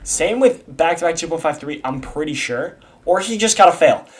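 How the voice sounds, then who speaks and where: A man's voice: a little high, lively intonation, moderate pace. A young man in casual video commentary, rambling from one point to the next. His talk is slangy and full of swearing, with frequent restarts. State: has the hiccups. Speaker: YouTube creator explaining a community iceberg.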